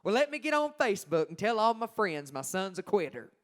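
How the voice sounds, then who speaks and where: A man's voice: high-pitched, big pitch swings, fairly quick, fairly bright tone, voice pushed up. A man voicing a firm mama. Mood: blunt. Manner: blunt, teasing and tender by turns. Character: a firm, loving Southern mother.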